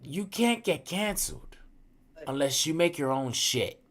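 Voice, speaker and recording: Brief: male podcast co-host, animated storyteller, heavy slang. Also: a little high, unhurried. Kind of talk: casual podcast chat.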